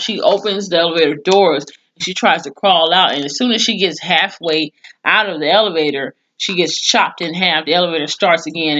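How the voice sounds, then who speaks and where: A woman's voice: low voice, a bit bright, muffled recording. A woman recapping a TV episode in a casual, profane, chatty way, full of slang. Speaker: TV episode reviewer.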